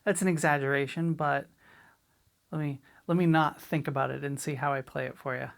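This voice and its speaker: Low, gravelly-voiced woman drum teacher. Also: fairly quick, heavy background noise. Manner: relaxed, chatty, demonstrates rhythms by scatting syllables. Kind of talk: casual spoken lesson.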